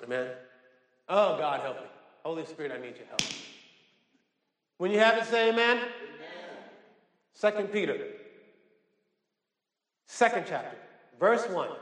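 A male pastor preaching a sermon, reading scripture slowly and with rising emphasis and telling the congregation which words to underline. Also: high-pitched, animated, a bit bright. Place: church sanctuary. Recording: echoey church hall.

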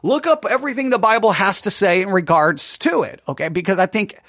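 High-voiced man teaching Bible study. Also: a little fast, a bit bright, no echo, clean studio sound. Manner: conversational, asks listeners "right?" often.

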